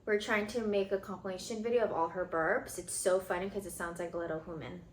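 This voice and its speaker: A woman's voice: on the low side, steady tone, quick pace. A woman vlogging casual reaction commentary, cooing and talking sweetly to her dog as she watches. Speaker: pet vlogger. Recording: echoey room with music underneath.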